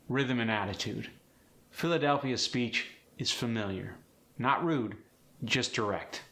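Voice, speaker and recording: Man, accent coach, tutorial, bright voice, clear and instructive. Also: medium pitch, unhurried. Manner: clear, instructive, demonstrates sounds.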